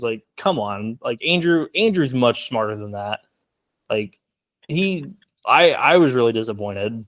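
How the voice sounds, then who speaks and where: A man's voice: mid-range voice, lively intonation, unhurried. A young man talking casually as a film guest in an interview, rambling with many fillers. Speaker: filmmaker guest.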